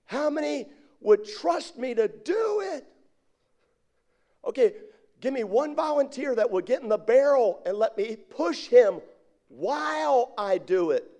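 A man's voice: very high-pitched, very animated, measured pace, warm tone, voice pushed up, exaggerated voice. A man voicing a boastful tightrope walker who coaxes a crowd to trust him. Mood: coaxing. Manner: coaxing showman calls to the crowd.

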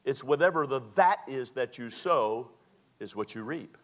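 A preacher in his sixties delivers a sermon, his voice sitting at an ordinary middle pitch. He reads scripture with emphasis and slips into homespun stories. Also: measured pace. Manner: lively preaching, reads scripture aloud, folksy storytelling.

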